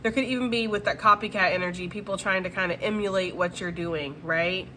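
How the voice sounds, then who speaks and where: A woman's voice: medium pitch, steady tone, a little fast, sharp tone, slight background noise. A woman giving a casual tarot reading to her viewers, chatty and slangy, often reassuring them and checking in with "okay?". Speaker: tarot reader.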